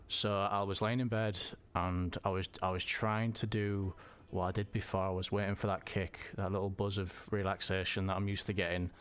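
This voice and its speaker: A man telling a personal story in a halting way, often repeating words and restarting. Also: low-pitched, fairly bright tone. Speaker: vlogger.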